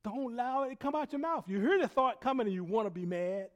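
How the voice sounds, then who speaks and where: A man preaching a sermon, telling a personal story in an animated way, laughing often and dropping from loud bursts to hushed quiet. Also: very high-pitched, fast. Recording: long hall reverb.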